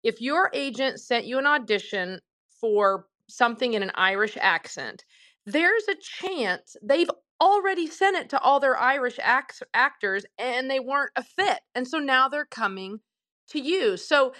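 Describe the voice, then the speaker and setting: A woman's voice: high-pitched, lively intonation, unhurried, sharp tone. A woman co-hosting a panel chat, paraphrasing a guest's point and asking him to expand. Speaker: podcast co-host. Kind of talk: casual panel discussion.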